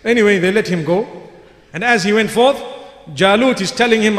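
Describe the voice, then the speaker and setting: A man's voice: high voice, moderate pace, fairly bright tone. A man giving a sermon, telling a story in a vivid, emphatic way and repeating key phrases for weight. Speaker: Islamic preacher. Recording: echoey hall with long reverb.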